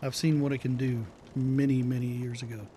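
A man's voice: mid-range voice, flat delivery, brisk, warm tone, slight background noise, lightly acted. A man voicing a weary, knowing warrior in a tabletop game, speaking earnestly in warning.

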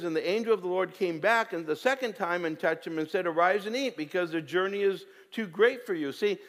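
High-voiced preaching man in a reverberant hall. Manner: animated preaching with many restarts. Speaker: pastor. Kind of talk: sermon.

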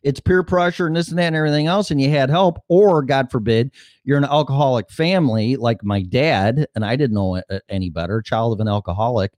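A man's voice: medium pitch, darkish tone, dry recording. A man hosting a podcast, talking bluntly and swearing often in casual chat. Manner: blunt, swears a lot, quick restarts. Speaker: podcast host.

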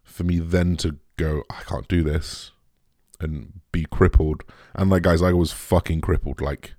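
A young man talking candidly and emotionally to his viewers, halting often, restarting sentences and swearing. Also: low voice, steady tone, dark tone, dry recording, studio quality. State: emotional, shaken. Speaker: vlogger. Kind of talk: candid personal talk to camera.

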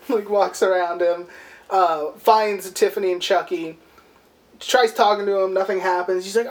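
A man's voice: high-pitched, a little slow. A man co-hosting a movie podcast, recapping the plot in profane, rambling casual chat and acting out quotes. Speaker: podcast co-host.

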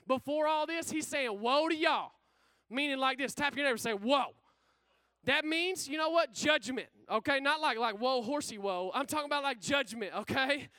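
High-voiced energetic male preacher. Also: brisk, hardly any pauses, no room sound. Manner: energetic, call-and-response with the congregation; casual slang-filled preaching. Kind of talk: sermon.

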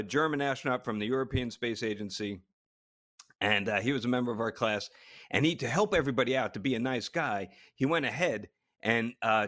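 A man swapping stories on a relaxed podcast, animated and quick to laugh. He stumbles and restarts as he goes, full of energy. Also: medium pitch. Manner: animated storytelling, laughing a lot, many restarts. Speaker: podcast co-host, former astronaut. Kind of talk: casual chat.

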